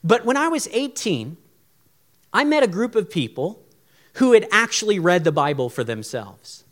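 A man's voice: high voice, sing-song, moderate pace, fairly bright tone. A young man preaching a sermon in an earnest, pleading, conversational way. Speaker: pastor.

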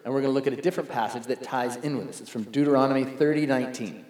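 Male pastor, conversational storyteller, mid-pitched, big reverberant room. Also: racing, a little mellow. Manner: conversational storytelling, acts out quoted voices. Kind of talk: sermon. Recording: echoey hall.

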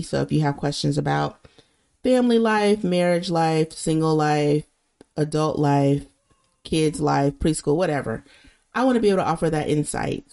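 A woman's voice: low-pitched, gravelly, warm tone. A middle-aged woman hosting her own podcast, chatting casually and rambling as she hunts for the right word. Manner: chatty, rambling, searches for words. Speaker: podcast host. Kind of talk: casual solo podcast talk.

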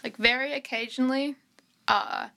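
A woman's voice: high-pitched, steady tone, moderate pace, creaky, pushed and bright. A woman with an Australian accent, a guest on a podcast, chatting casually with dry, wry replies. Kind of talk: casual chat.

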